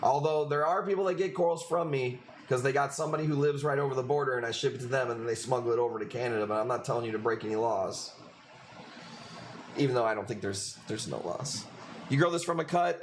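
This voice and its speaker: A man from Chicago with a Chicago accent rambles through a live sales stream. His voice sits at an ordinary middle pitch, and he talks loosely and casually with frequent swearing. A faint hum runs under his voice. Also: fairly quick. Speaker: livestream coral seller. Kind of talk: casual livestream chat.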